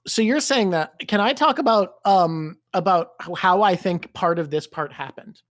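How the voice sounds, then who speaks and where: A man's voice: high-pitched, normal speed, a bit bright, no room sound, clean studio sound. A man co-hosting a book club stream, rambling casually and swearing freely. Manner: rambling, swears freely, does silly voices. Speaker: streamer co-host. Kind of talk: casual chat.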